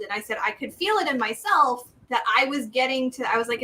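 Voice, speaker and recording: A young woman co-hosting a live stream talk show, telling a story in an animated way and laughing often. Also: sits high, a little fast, hardly any pauses. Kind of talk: casual conversational chat. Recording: distant mic, faint room noise.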